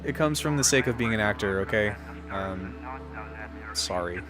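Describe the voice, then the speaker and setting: This young man, a music producer streaming feedback, speaks at a normal speed in a low-ish voice with lively intonation. He chats casually on his livestream, offering friendly thoughts on music and using plenty of fillers.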